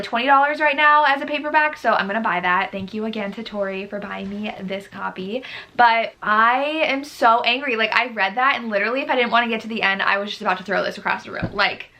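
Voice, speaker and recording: Young woman vlogger with a bright, forward voice, casual and animated, swinging between gushing and exasperation. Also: fairly high pitch. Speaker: book vlogger. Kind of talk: casual book review vlog.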